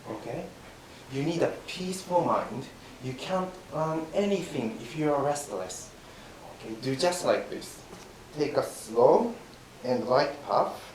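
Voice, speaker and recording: A man playing an older yawning teacher in rakugo comic storytelling, speaking in a calm, instructive way. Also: mid-range voice, measured pace, close to an everyday voice. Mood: stern lecturing. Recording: roomy, distant mic, faint hiss.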